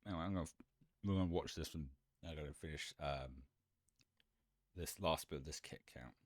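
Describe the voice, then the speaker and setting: A man with a deep voice chatting casually on a live stream, rambling and restarting his sentences, often giggling. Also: a little fast, no echo, clean studio sound. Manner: rambling, self-interrupting, giggly.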